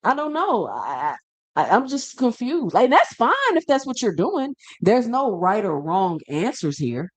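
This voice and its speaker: A boxing show host rants to the camera in a casual but emphatic way, firing off rhetorical questions and repeating himself as he gives his opinions. His high-pitched voice has a sing-song quality and a measured pace.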